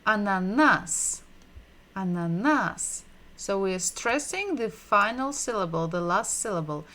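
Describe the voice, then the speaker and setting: A woman's voice: mid-range voice, expressive, moderate pace, bright, forceful tone. A woman who speaks natively teaches a language lesson, patiently repeating sounds and asking learners questions. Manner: asks the audience questions.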